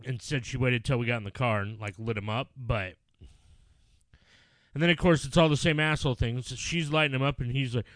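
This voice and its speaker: A man in his thirties tells a story about coaching his son's baseball team. He talks in an animated way and curses when he gets worked up. His voice is mid-pitched, and the sound is dry and close. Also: fairly quick, dry recording. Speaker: youth baseball coach and father. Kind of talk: casual chat.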